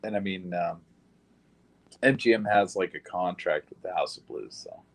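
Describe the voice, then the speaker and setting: A man with a somewhat low voice recounts events in a recorded witness interview. He speaks bluntly and plainly, and he swears now and then. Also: moderate pace, rough recording. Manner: blunt, plain-spoken retelling with occasional swearing. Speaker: shooting survivor giving a statement.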